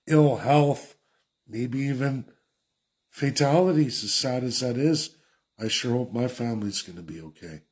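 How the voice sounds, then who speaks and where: A man from Canada ranting sarcastically in a political commentary vlog. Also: mid-range voice.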